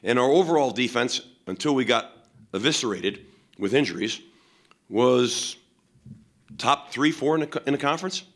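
A man's voice: mid-range voice, lively intonation, normal speed, long pauses, a bit bright. A man, a head football coach, answering questions at a post-game press conference in a blunt, emphatic way, with many fillers.

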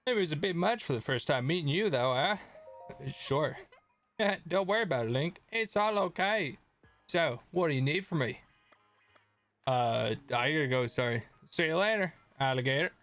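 A man doing a deliberately bad Australian accent as a cheerful game lab director, over faint game music. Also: on the high side, expressive, fairly bright tone. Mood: breezy. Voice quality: exaggerated, clumsy Australian accent.

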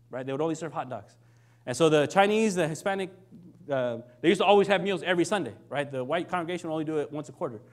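A young adult man giving a conversational sermon as a minister, often checking in with "right?" and acting out quoted lines. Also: fairly high pitch. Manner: conversational, keeps asking "right?"; acts out quoted lines in shifting voices.

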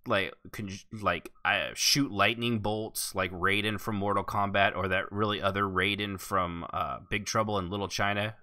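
A man's voice: on the low side, fairly even intonation, normal speed, hardly any pauses, bright, forceful tone, no echo, studio quality. A man hosting a casual roleplay podcast, talking in a rambling, candid way and swearing now and then. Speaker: podcast host.

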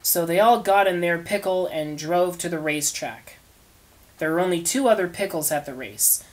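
A woman reads a crude parody story aloud in a flat, deadpan way, letting the nonsense speak for itself. Her voice sits a little low. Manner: deadpan reading of absurd crude text. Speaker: fanfiction reader. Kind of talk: comic story reading.

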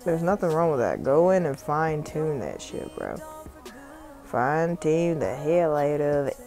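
A woman's voice: low-pitched, very animated, measured pace, warm tone, faint music behind. A young Southern woman from South Carolina, casually narrating a phone screen-recording tutorial in a rambling, profane, chatty way. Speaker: tutorial vlogger and music artist. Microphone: phone microphone.

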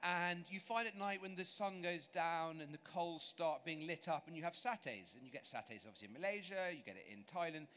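A man's voice: on the high side, animated, brisk, hardly any pauses, a bit bright. Chatty English man doing a cooking demo. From England. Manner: chatty, self-deprecating, enthusiastic. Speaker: chef demonstrating cooking. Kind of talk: live cooking demonstration. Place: large exhibition stage.

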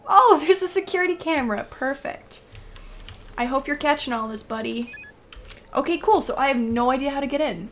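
High-voiced, jittery young woman gamer. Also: lively intonation, moderate pace, long pauses, slight background noise. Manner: jittery, anxious self-talk, repeating fearful phrases. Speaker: let's play gamer. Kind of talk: casual gameplay commentary.

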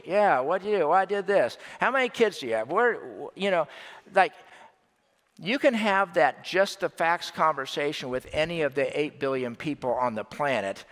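Chatty pastor preaching in a reverberant church. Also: male voice, a little high, a bit bright. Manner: conversational, joking, checks in with "all right?" and "okay?". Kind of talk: sermon. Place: church sanctuary.

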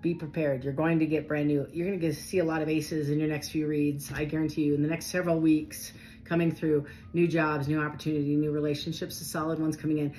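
A woman giving a casual, animated tarot reading, talking straight to her viewers in a chatty way. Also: low voice, fast, poor audio. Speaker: tarot reader.

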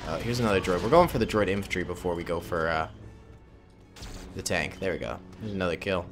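Speaking quickly in a low voice over music, a gaming YouTuber jokes with his viewers and calls them "boys." He's giving casual, playful commentary on his own gameplay.

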